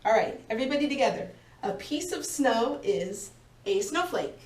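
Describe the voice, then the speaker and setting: A woman teaching a vocabulary lesson to a class of young learners, speaking slowly and clearly and encouraging them as they go. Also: on the high side, animated. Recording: echoey room, voice from a distance.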